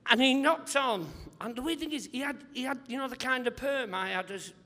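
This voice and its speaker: A male comedian guest on a live podcast interview, telling rambling, animated anecdotes and acting out other people's voices. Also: very high-pitched, moderate pace, long reverb tail.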